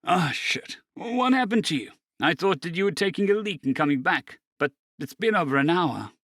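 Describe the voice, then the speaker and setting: A man's voice: a little high, lively intonation, moderate pace, a bit bright, no room sound, clean studio sound, pitched above the performer's own voice. A man voicing a concerned, plain-spoken male friend who talks casually in a storybook reading. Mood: worried. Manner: casual, worried.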